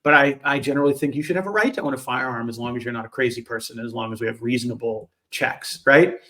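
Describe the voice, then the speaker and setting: A man's voice: medium pitch, fast, pushed and bright. A man co-hosting a casual podcast, talking bluntly and emphatically about politics, cursing freely. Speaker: podcast co-host.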